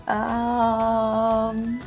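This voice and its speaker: A woman's voice: a little high, darkish tone. A woman playing a tabletop game, talking in a hesitant, apologetic, giggly way. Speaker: player. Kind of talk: casual tabletop play.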